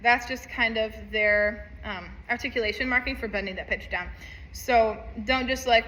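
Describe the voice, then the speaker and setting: A woman's voice: fairly high pitch, moderate pace, pushed and bright, roomy sound, poor audio. A woman teaching a saxophone part, upbeat, counting aloud and singing rhythms. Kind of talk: music lesson walkthrough.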